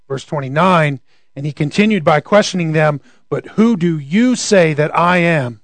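A man's voice: fairly high pitch, moderate pace, no echo. A man preaching a conversational sermon, often asking rhetorical questions.

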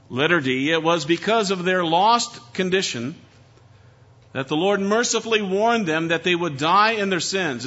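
A man's voice: sits high, sharp tone. A man preaching an earnest, emphatic sermon with repeated phrases. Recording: dull, lo-fi recording.

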